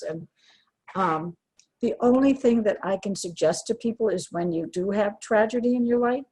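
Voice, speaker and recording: A woman's voice: medium pitch, dark tone, slightly rough, rough recording. An older woman speaking earnestly and from the heart as an interview guest, with frequent restarts. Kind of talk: emotional personal interview.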